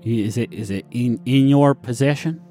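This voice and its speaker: A man voicing a guarded, halting woman official. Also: medium pitch, dark tone, soft background music, close to an everyday voice. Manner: halting, hesitant delivery. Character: wary woman official, middle-aged, guarded and blunt.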